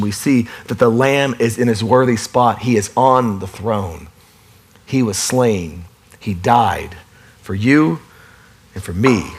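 A man preaching a sermon in a folksy, lively way. He moves between playful asides and hushed, solemn emphasis. His voice sits a little high for a man. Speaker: pastor.

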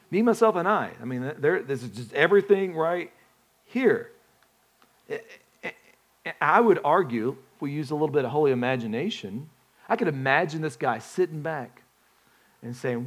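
Conversational male pastor, higher voice. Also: sing-song, moderate pace, long pauses, husky. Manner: conversational, asks the congregation questions, frequent restarts. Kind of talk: sermon.

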